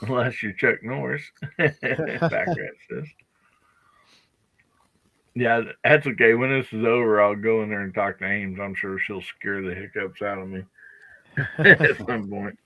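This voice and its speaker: A man hosting a live podcast in a relaxed, chatty way, laughing often and talking through a bout of hiccups. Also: on the low side, a little slow, long pauses. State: has the hiccups. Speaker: podcast host. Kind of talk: casual livestream chat.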